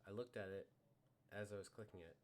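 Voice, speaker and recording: Deep-voiced man muttering through a game. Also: brisk, darkish tone, a little hiss or hum. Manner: muttering to himself, self-mocking. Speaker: streamer drafting a baseball card team. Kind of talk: live game stream commentary.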